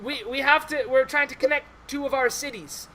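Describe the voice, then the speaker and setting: A man voicing an exasperated male dark elf translator in a tabletop game, curt and snide. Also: very high voice, steady tone, brisk, a crowd in the background, pitched above the performer's own voice, poor audio.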